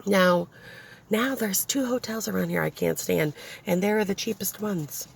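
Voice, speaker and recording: A woman's voice: medium pitch, unhurried, creaky, slight background noise. A young woman venting bluntly and profanely in a casual vlog, filmed on a handheld phone inside her car. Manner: exasperated ranting, blunt and profane. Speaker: vlogger, single mother. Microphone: handheld phone, shaky.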